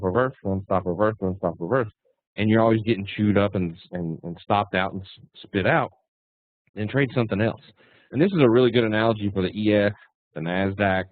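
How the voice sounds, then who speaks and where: A man's voice: lowish voice, no room sound. Blunt man teaching over a tinny line. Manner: folksy, blunt, punchy. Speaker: trading instructor. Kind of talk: casual teaching webinar. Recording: tinny phone-like dry line.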